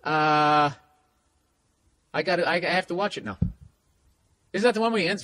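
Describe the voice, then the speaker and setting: Comedy podcast host, male, highish voice, profane and animated, reads letters then riffs. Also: normal speed, long pauses. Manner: profane, animated, reading listener letters aloud. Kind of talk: casual comedy podcast rant.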